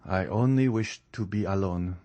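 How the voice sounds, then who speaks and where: A man's voice: deep voice, normal speed, warm tone, close to an everyday voice. A man reading an audiobook who voices a grieving father in a formal, restrained manner.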